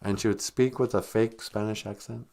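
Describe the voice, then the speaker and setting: A man's voice: on the low side, fairly even intonation, normal speed, vocal fry, darkish tone. Rambling, sarcastic male podcast host. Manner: rambling and sarcastic, with many fillers. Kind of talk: live-stream comedy rant.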